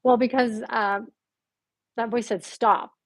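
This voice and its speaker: Animated woman telling her story, dry sound. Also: medium pitch, moderate pace, dry recording. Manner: animated storytelling, acting out quoted voices with gasps. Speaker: podcast guest. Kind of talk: telling a personal story in conversation.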